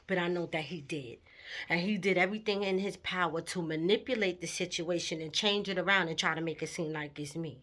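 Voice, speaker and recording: A woman's voice: fairly low pitch, fairly bright tone. A woman telling a personal story in a candid, emotional vlog, with her intensity rising at times. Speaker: vlogger.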